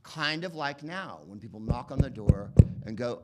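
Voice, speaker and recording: A man doing stand-up comedy, rambling and profane, slipping into quick voice impressions. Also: mid-range voice, animated, bright, forceful tone, a little hiss or hum. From United States. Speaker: comedian and podcast host.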